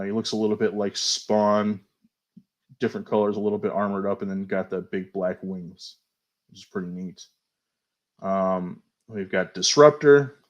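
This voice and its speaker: A man hosting a toy show, casually going over new action figures, chatty and unhurried, often hedging and fumbling for names. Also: on the low side, highs cut off. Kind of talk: casual toy news review.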